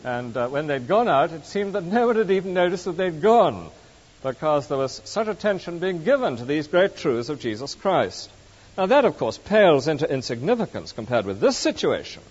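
A man preaching a sermon, telling stories in a measured, expressive way. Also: a little high. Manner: measured, expressive storytelling delivery. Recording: muffled recording with long hall reverb.

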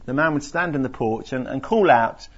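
A man's voice: medium pitch, normal speed, slightly rough. A man giving an earnest Bible teaching talk to a group, explaining with many restarts and fillers. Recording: dull lo-fi recording.

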